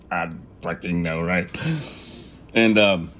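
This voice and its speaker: Casting note: man with a lowish voice, candid confessional vlog storytelling, faint room ambience behind. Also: fairly even intonation, extremely slow, background noise. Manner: casual, profane, laughs at his own jokes; acts out family members in quoted lines. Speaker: vlogger telling his life story. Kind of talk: casual storytelling.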